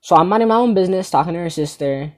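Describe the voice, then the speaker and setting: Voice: medium pitch, racing. Rambling teen comedy storyteller. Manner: rambling, animated, swears casually. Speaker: comedy channel host.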